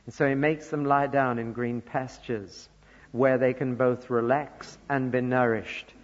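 A man from northern England preaching a sermon, earnest, moving between soft asides and loud emphasis. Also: medium pitch, fairly even intonation, measured pace. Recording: dull lo-fi recording with long church reverb.

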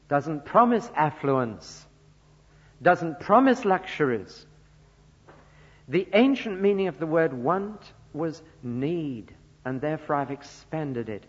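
A man from northern England preaching a sermon, earnest, moving between soft asides and loud emphasis. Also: a little high, slightly rough. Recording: dull lo-fi recording with long church reverb.

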